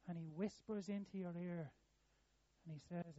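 A man preaching a sermon in an earnest way, rising in pitch and volume when he repeats a phrase. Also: fairly even intonation, normal speed, long pauses, warm tone, no room sound, muffled recording.

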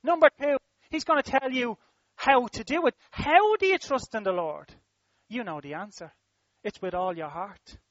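A man's voice: high-pitched, fairly bright tone, dry recording, highs cut off. A man preaching a sermon, emphatic and repetitive, with rhythmic phrasing that swells and drops.

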